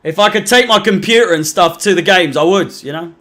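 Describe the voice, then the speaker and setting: Bright-voiced sarcastic English football fan. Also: male voice, high voice, fairly quick. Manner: deflated, sweary, sarcastic. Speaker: fan channel host. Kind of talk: live football watch-along commentary.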